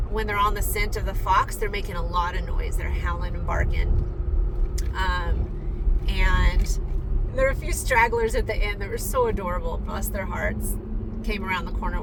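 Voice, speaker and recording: Chatty woman vlogging outdoors near traffic. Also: mid-range voice. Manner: chatty and enthusiastic, with many ums. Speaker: vlogger and rider. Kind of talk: casual chat to camera.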